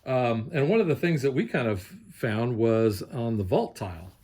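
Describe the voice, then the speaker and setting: A middle-aged man in a casual board game review chat, explaining rules in a relaxed way with plenty of ums and uhs. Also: medium pitch, normal speed. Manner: relaxed, explanatory, filler-heavy.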